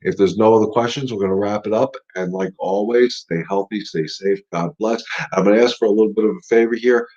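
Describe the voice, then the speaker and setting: A man's voice: fairly low pitch, a little fast, few pauses, darkish tone, dull audio. A middle-aged man hosting a live dog-training Q&A, talking casually and emphatically, repeating his points as he coaches. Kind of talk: casual live-stream talk.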